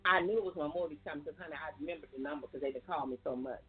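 A woman's voice: sits low, racing, slightly rough. A woman gives a folksy, preachy faith testimony as a guest on a call-in show, talking straight to her listeners. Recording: tinny phone line with faint music.

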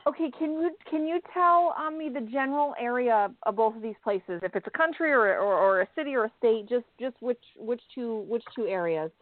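A woman's voice: a little high, dry recording. Woman psychic on a call-in show, stop-start way of talking, thin phone sound, tiny dead closet. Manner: halting, repeats words while relaying. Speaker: psychic medium. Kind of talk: relaying messages on a call-in radio show. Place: small closet. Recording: thin phone line, dry.

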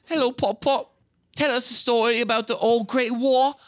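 A man's voice: very high-pitched, fairly even intonation, moderate pace, a bit bright, no echo, voice pushed up. A man voicing a small eager boy who begs his grandfather for a war story in a whiny, childish tone. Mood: pleading.

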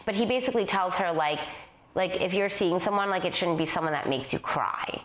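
A woman in casual conversation, talking with animated energy and breaking into laughter as she recaps a story. Her voice sits a little low, and the room around her rings with echo. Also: brisk. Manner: animated, laughing, acts out quotes. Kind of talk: casual chat recapping a film.

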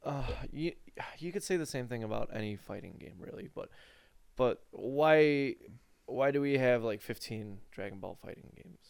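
A man co-hosting a casual podcast about fighting games, animated and sarcastic, swearing freely. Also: mid-range voice, moderate pace, creaky, smooth, no echo. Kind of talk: casual gaming chat.

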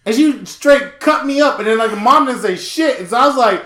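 A man co-hosting a casual comedic podcast tells stories and acts out what people said, swearing and laughing a lot. His voice is very high and fairly quick, with hardly any pauses, in an echoey room.

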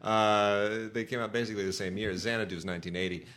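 A man's voice: on the low side, steady tone, fast, a bit bright. A middle-aged man co-hosting a casual talk show, enthusiastic and sarcastic, with lots of fillers and restarts. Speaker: podcast co-host reviewing home video releases. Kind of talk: casual chat.

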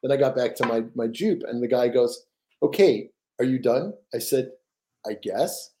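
A man's voice: medium pitch, lively intonation, normal speed, warm tone, slight background noise. An older man, a guest author, telling stories in a rambling, casual way with repeated words and laughs. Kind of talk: casual storytelling.

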